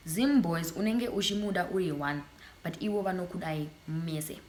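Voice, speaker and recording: A young Zimbabwean woman vlogging in a casual sit-down chat, sassy and animated, slipping into Shona phrases. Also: fairly low pitch, normal speed, a little hiss or hum.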